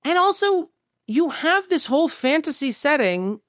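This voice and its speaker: Animated ranting podcast co-host, male. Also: very high-pitched, no room sound, studio quality. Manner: exasperated, ranting, quick to laugh. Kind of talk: casual movie-review chat.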